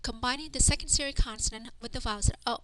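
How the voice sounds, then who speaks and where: A woman's voice: fairly high pitch, fast talker, slight background noise. A woman teaching a reading lesson in a voice-over, patiently sounding out each syllable one at a time before saying the whole word. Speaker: language teacher. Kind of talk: slow spelled-out reading lesson.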